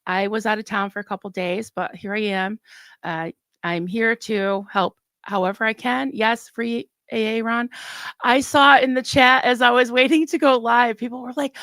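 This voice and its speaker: A middle-aged woman hosting a casual livestream, chatting warmly and getting emotional, recorded close and dry. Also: fairly high pitch, fairly even intonation, normal speed, no echo. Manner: warm, emotional, chatty with laughs. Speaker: livestream host.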